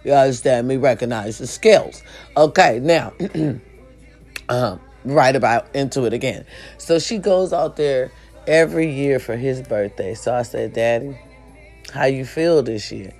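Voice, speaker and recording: A woman's voice: extremely low pitch, lively intonation, measured pace, darkish tone, soft background music. A woman talking casually and earnestly to her viewers, preaching and often checking that they understand her. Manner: chatty and preachy, often asks "you understand me?". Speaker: vlogger. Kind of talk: casual motivational talk to camera.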